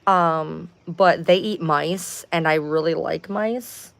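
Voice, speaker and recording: Woman, lowish voice, casual livestream chat, rambling, profane, exasperated, at home. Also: takes it slowly, gravelly, fairly bright tone, no echo. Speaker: livestream host.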